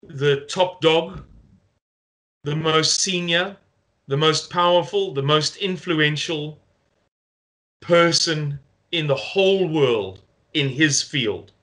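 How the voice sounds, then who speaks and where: Slow, earnest South African man. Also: a little high, pushed and bright. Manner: earnest, rallying, deliberate. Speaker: movement spokesman. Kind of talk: video update to supporters.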